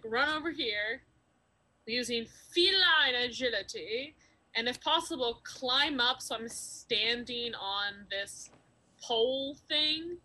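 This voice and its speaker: A woman with a high, bright voice speaks slowly as a player at a tabletop game. She hesitates often, filling gaps with "um" and "like" while she checks the rules. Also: poor audio. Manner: hesitant, asks rule questions with fillers.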